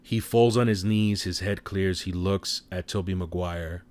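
A man casually retelling a movie plot in an animated way, with offhand swearing. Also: deep voice, a little slow. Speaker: film recap commentator.

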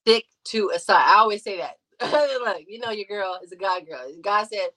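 A woman guest on a podcast, talking in a casual debate with an animated, emphatic delivery and loud outbursts. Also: medium pitch, normal speed, rough recording. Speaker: podcast guest, radio show host.

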